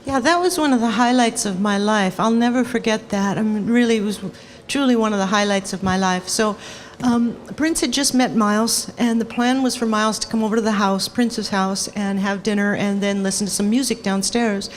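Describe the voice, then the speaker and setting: A woman, a former sound engineer, telling stories on stage to an audience in a lively, animated way. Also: medium pitch, moderate pace, long reverb tail, slight background noise. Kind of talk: storytelling on stage.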